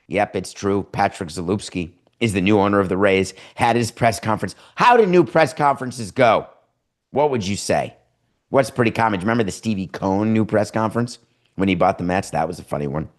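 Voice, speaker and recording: A man's voice: fairly low pitch, fairly quick. Sardonic man hosting a sports show. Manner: sardonic, mocking impressions of owners. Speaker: podcast host. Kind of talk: sarcastic sports commentary. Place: home studio.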